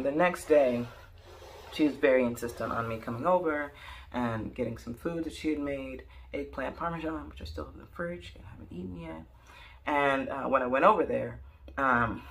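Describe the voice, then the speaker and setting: Young adult woman vlogger, casual storyteller, animated and jokey, gravelly low edge. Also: slight background noise. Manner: rambling, animated, jokey, full of "like" and "um".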